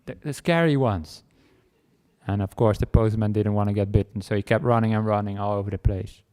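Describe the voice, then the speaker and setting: Low-ish and a bit fast, his mellow voice carries a lighthearted dharma talk. The Buddhist monk pokes fun at himself while telling a fictional story, performing barks and chase scenes along the way.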